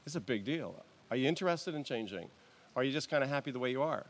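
This male pastor speaks expressively at a medium pitch while preaching in a church. He stumbles and restarts in a conversational way, punctuated by soft chuckles.

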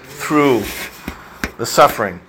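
A man's voice: mid-range voice, expressive, takes it slowly, noisy background. A man preaching a sermon in a church, in a conversational, reflective way that thinks aloud with fillers and restarts. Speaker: pastor.

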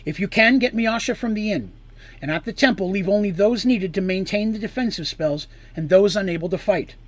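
A man's voice: fairly high pitch, a little fast, slightly rough. A man voicing a fierce, commanding woman who is a queen and priestess, speaking with force.

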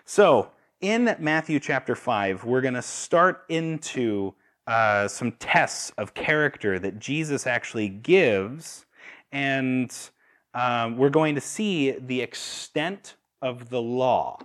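A young man preaching a sermon in a relaxed, conversational way, with fillers and restarts. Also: medium pitch, slow. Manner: conversational with fillers and restarts, laughs at own stories.

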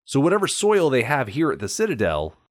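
A man's voice: medium pitch, wildly swooping pitch, a little fast, no room sound, clean studio sound. A man co-hosting a podcast, explaining things in a casual film discussion and sometimes reading aloud. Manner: explanatory, reads aloud at times. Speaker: podcast co-host.

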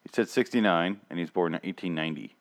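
A man with a somewhat low voice, chatting casually as co-host. His tone is sarcastic and he swears freely, often mocking what he has just watched. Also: fast talker. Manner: sarcastic, profane. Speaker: podcast co-host. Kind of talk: casual chat.

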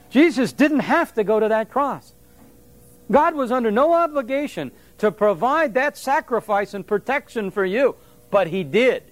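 A man preaching a sermon in a conversational, animated way, with asides to the congregation. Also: sits high, dry recording. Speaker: pastor.

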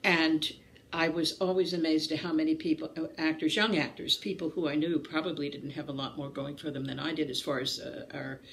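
A woman from Maryland telling lively stories as an interview guest, acting out the voices of people she describes, with many restarts and fillers. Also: low voice, fairly quick, a little hiss or hum. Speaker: guest actress. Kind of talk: casual storytelling interview.

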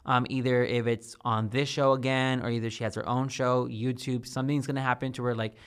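A man's voice: mid-range voice, level tone, fairly quick, clean tone. A man co-hosting a casual chat podcast, rambling and candid, swearing casually. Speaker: podcast co-host.

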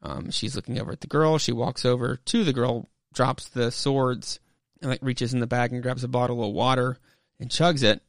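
Podcast host, casual rambling recap, mid pitch, dry close sound. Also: male voice, fairly even intonation, moderate pace, no echo. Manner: rambling, many fillers. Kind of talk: casual comic book recap.

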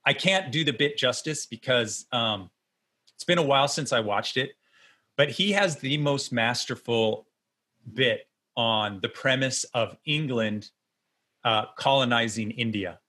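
A man's voice: mid-range voice, unhurried. A man hosting a podcast, rambling casually as he tells stories and asks questions. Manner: rambling, animated storytelling. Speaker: podcast host. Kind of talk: casual interview.

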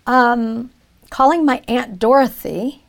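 Female interview guest, fairly high voice, animated storyteller. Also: slow pace, vocal fry. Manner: animated storyteller, lively emphasis. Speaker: guest, religion reporter and writer.

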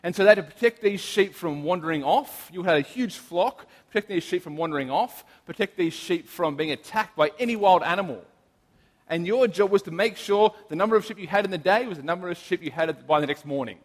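Young male preacher, conversational storyteller, slightly high voice, echoing hall. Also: a little fast. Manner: chatty and animated, frequent fillers and restarts. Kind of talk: casual sermon with storytelling. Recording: long hall reverb.

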